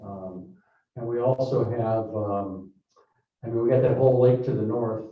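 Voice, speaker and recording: A man presenting a development project at a town board meeting, speaking haltingly with many fillers and restarts. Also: medium pitch. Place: town hall meeting room. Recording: echoey council chamber, distant mic, muffled.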